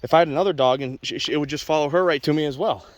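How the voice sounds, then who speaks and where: Walking his dog outdoors on a wet walk, a dog trainer gives viewers blunt, opinionated, casual commentary. His voice runs on the high side and he talks very fast, with no room sound.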